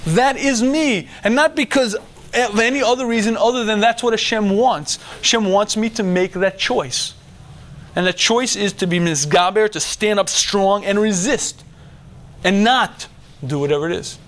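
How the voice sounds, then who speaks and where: Middle-aged guy giving a religious talk to a room of men, fairly high voice, goes from hushed to shouting acting stuff out. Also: normal speed. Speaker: religious teacher. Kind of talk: lecture to a men's audience.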